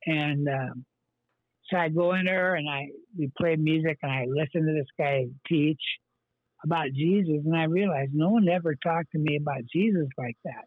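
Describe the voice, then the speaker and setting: Husky man with a tinny phone sound. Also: a little high, normal speed, no echo. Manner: rambling and earnest, many fillers and restarts. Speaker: pastor, guest. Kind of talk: telling his life story in an interview.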